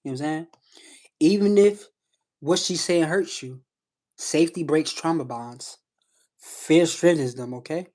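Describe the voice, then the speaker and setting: A man's voice: a little high, measured pace, long pauses, a little mellow. Emphatic man coaching callers live. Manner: emphatic, repeats "you know what I'm saying". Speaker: live stream host giving advice. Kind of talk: casual coaching talk to callers.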